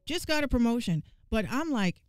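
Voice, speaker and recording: A woman giving casual gaming commentary, ranting in an animated, profane and exasperated way and repeating lines for emphasis. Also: a little high, normal speed, clear, resonant tone, no room sound, clean studio sound, faint music behind.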